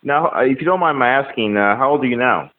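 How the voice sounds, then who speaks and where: Fast-talking male interviewer on a tinny phone line. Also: medium pitch, animated, slight background noise. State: out of breath. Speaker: podcast host and interviewer.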